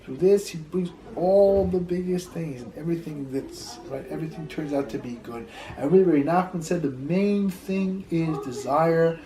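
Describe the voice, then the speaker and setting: A man's voice: fairly high pitch, moderate pace, crowd noise, poor audio. A rabbi teaching a Torah class in a loose, conversational way, telling stories, repeating words as he thinks, and dropping in Hebrew terms.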